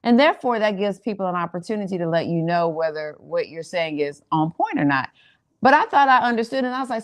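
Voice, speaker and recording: A woman's voice: mid-range voice, animated, fast talker. A woman co-hosting a marriage talk, a communication trainer who affirms and tells stories in a chatty way. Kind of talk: casual chat.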